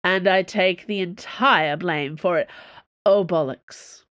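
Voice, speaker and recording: A woman's voice: lowish voice, takes it slowly, a bit bright, dry recording, muffled recording. A foppish aristocratic male space musketeer, put on by a woman narrator, drawls in a cut-glass, posh voice with exaggerated manners. It is an audiobook read close and dry. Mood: languid.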